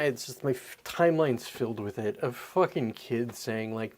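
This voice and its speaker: A man in his thirties hosting a podcast, ranting in a profane, animated, rambling way. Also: medium pitch, normal speed, hardly any pauses. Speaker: podcast host. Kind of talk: casual opinion rant.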